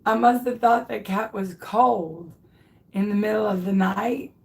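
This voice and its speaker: A woman's voice: mid-range voice, measured pace, creaky. A woman in her thirties hosting a craft video, casually telling viewers a funny personal story with lots of laughter and restarts. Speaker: craft tutorial host.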